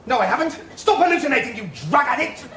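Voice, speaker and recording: An actor with a British accent playing a vain, pompous out-of-work actor in a studio sitcom, talking in a theatrical, self-dramatizing way, with audience laughter. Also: male voice, very high voice, lively intonation, quick pace, pushed and bright, slight background noise, exaggerated voice. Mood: indignant. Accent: British English.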